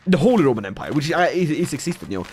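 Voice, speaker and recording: A man's voice: a little high, rapid-fire, a little hiss or hum. A man from Sweden streaming a strategy game live, joking and chatting with his viewers as he plays. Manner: animated, jokey, laughs often, talks to chat. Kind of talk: casual livestream game commentary.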